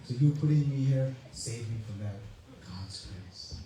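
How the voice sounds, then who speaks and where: A man voicing a calm, faithful royal minister within a spoken parable. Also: medium pitch, a little slow, a little hiss or hum, voice pushed down, close to an everyday voice. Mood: serene. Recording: echoey hall, mic far off.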